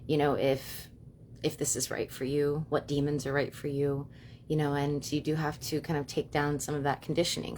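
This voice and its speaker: A young woman with a low voice talks quickly into her phone on a home live stream, stringing thoughts together with plenty of fillers. A faint rumble sits behind her. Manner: fast, chatty, many fillers like "you know" and "like". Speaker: livestream host and witch. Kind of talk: casual live-stream talk.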